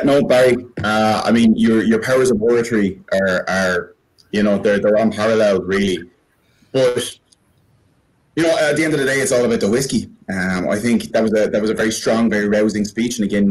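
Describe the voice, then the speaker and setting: A man's voice: lowish voice, rough recording. An Irish man hosting and judging a livestream in a joking, hesitant way. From Ireland. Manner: joking, hesitant, with many fillers and restarts. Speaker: host and judge.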